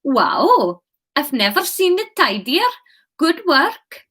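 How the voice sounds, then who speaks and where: A woman voicing a brisk, kind female kitchen boss with an attempted Swedish accent. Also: sits high, big pitch swings, fairly bright tone, pitched above the performer's own voice, exaggerated voice. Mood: approving. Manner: nodding, sing-song put-on accent.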